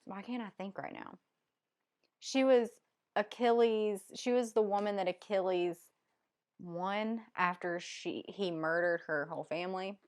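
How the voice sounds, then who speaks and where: Southern lady rambling through a book haul, slow and chatty, lots of ums. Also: medium pitch, steady tone, darkish tone, clear, resonant tone. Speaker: book vlogger. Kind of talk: casual chat.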